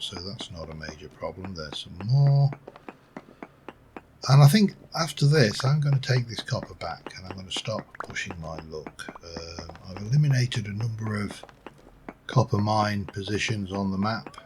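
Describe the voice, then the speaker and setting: A man's voice: fairly low pitch, moderate pace, background noise. A middle-aged man giving rambling, musing let's play commentary with dry asides. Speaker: gameplay commentator.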